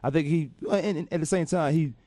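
A man's voice: fairly high pitch, brisk, dark tone, no room sound. A man hosting a sports talk radio show in casual banter, boastful and playful, cutting in over his co-host.

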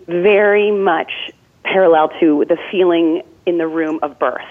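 A woman's voice: on the low side, fairly even intonation, moderate pace. A woman, a nurse answering interview questions in an earnest, thoughtful way. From Virginia, USA. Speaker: ICU nurse and death doula, guest. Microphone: phone line. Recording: tinny phone line.

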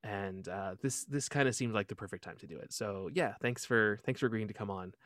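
A man's voice: lowish voice, fairly quick, a bit bright, no echo, studio quality. A man hosting his own podcast in a casual chat, rambling with lots of filler ums like a comic-book fan. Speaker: podcast host.

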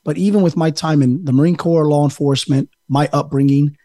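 A man's voice: on the high side, fairly even intonation, fairly quick, warm tone, no echo. Earnest man speaking reflectively. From United States. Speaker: podcast guest. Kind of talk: casual interview.

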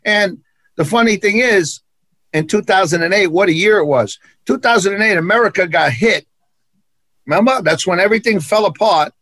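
A man's voice: high voice, normal speed, fairly bright tone, dry recording. A man with a New York accent, an actor being interviewed, telling stories in an emphatic, punchy way and repeating phrases for effect. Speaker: actor and martial arts instructor, guest. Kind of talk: animated interview storytelling.

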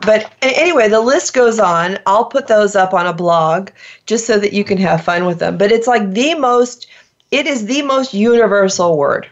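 A woman's voice: medium pitch, moderate pace. Woman host, casual podcast chat, playful, emphatic, laughs easily, dull lo-fi sound.

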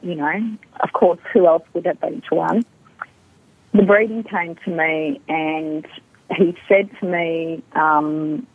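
A woman's voice: on the low side, husky, no echo. A middle-aged woman from Australia, a guest telling a personal story and acting out the lines of the people in it. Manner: animated storytelling, acts out quoted dialogue. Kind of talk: storytelling in an interview. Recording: tinny phone line.

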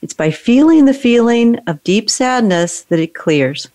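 A woman coaching someone through an emotional exercise, giving calm, directive prompts. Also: on the high side, unhurried. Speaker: emotional brain training coach. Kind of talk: guided coaching session.

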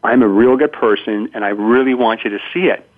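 Fairly low in pitch, steady in tone and fairly quick, this man in his 50s is a guest on a conversational interview. Through a tinny phone line he tells stories, dramatizing quotes and often stammering back to the start.

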